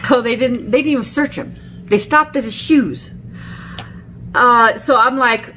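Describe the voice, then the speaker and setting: A middle-aged beauty vlogger tells a personal story in a chatty way, full of fillers and restarts, acting out the quotes. Her voice is a little high and a bit bright, at a moderate pace, with slight background noise.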